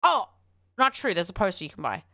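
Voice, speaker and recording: A woman with an Australian accent chatting on a livestream, rambling and excitable, swearing often as she talks to her chat. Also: mid-range voice, fairly quick.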